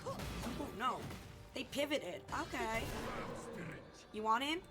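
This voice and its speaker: A young adult woman streaming a game, chatting and commentating in an excitable way, swearing and yelling at teammates. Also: fairly high pitch, slow pace. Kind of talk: live gameplay commentary. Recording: game music in background. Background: game music.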